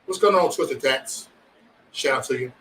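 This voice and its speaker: A man's voice: medium pitch, moderate pace, recorded from a distance, poor audio. A man hosting a casual livestream, chatting loosely and profanely with his viewers. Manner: loose, profane, animated banter with chat. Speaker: livestream host.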